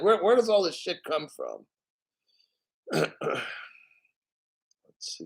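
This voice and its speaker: Rambling, throat-clearing male stream host. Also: fairly high pitch, wildly swooping pitch, takes it slowly, pauses often. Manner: rambling, profane, keeps clearing his throat. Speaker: crypto livestream host reading chat. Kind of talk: casual livestream chat.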